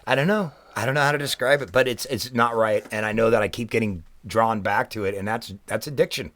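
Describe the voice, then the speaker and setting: A man's voice: fairly low pitch, a little fast. A man in casual podcast chat, swearing freely and acting out little voiced asides as he rants. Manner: profane, animated storytelling with voiced asides. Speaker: podcast guest. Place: Bremerton, Washington.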